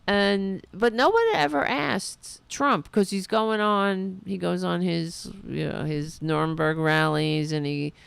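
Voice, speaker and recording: Gravelly, slow-talking woman ranting. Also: lowish voice, no echo. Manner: indignant, sarcastic, profane; mocking quoted voices. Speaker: podcast host. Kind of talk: political commentary rant.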